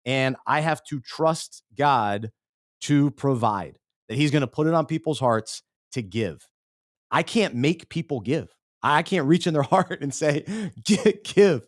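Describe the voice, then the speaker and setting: A man's voice: medium pitch, lively intonation, unhurried, no echo, clean studio sound. A middle-aged man co-hosting a faith-based podcast, talking earnestly and often restarting his words. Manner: earnest, self-interrupting, repeats words. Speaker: podcast co-host. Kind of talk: casual faith-based chat.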